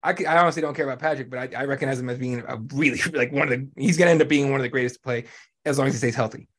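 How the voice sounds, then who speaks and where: A man's voice: mid-range voice, fairly even intonation, racing, fairly bright tone, slightly rough. A man hosting a sports podcast in casual chat, blunt and profane, ranting with lots of animation. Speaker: podcast host.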